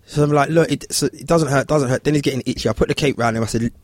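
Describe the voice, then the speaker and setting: Man, casual storytelling, animated character voices, dry close sound. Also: fast talker, no echo. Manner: animated, acts out voices in high pitch. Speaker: barber telling a story.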